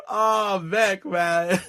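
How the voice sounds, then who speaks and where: A man casually recapping a reality show episode, animated and laughing often as he acts out what people said. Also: sits high. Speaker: recap vlogger.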